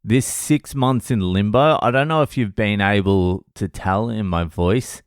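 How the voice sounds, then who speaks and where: A middle-aged man, a comedian, tells a story to camera in a casual vlog with a sardonic, profane edge. His voice is deep and resonant, and he takes an unhurried pace. The sound is dry and close, with no room echo. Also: smooth.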